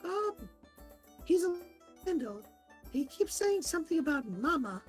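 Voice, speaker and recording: A man's voice: very high voice, sing-song, measured pace, soft background music, voice pushed up, exaggerated voice. A man voicing an older half-elf woman who owns an inn, polite and a little bemused. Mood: puzzled.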